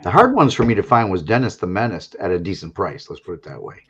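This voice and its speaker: Man, tired, fast talker, lowish voice, video call. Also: big pitch swings, fairly bright tone, breathy edge, dull audio. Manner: quick, chatty, tired. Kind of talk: casual online video chat. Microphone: video call mic.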